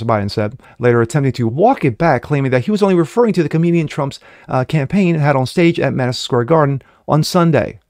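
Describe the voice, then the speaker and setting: Male commentator, mid-pitched, reads news then riffs mockingly, stumbles and corrects himself, dry booth sound. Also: lively intonation, fast, hardly any pauses, a little mellow, no room sound. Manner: mocking asides, frequent fillers and self-corrections. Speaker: online political commentator. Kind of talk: reading news with personal commentary.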